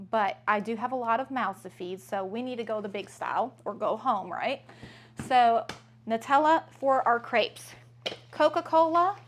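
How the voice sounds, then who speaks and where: Chatty upbeat mom vlogger, higher voice. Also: female voice, slight background noise. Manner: chatty, upbeat, many fillers. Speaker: mother and family vlogger. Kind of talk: casual grocery haul vlog.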